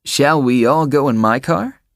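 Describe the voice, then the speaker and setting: A man voicing a reserved, wealthy young man in an audiobook, quiet and guarded. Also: mid-range voice, measured pace, no echo, clean studio sound, pitched above the performer's own voice, lightly acted. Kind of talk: audiobook character voice.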